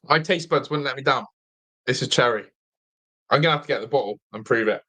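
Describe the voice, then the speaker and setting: A young man hosting a live football watch-along, chatting excitedly, reacting to play and reading viewer comments aloud, with a slightly blocked nose. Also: mid-range voice, fairly quick. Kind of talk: live fan commentary and chat.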